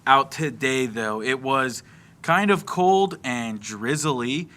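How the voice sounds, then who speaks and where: A man's voice: medium pitch, animated, slow, pushed and bright. A young man from Florida, co-hosting a casual sports talk show and recapping the game play by play in a chatty way. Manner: chatty, recaps plays at length. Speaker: podcast co-host.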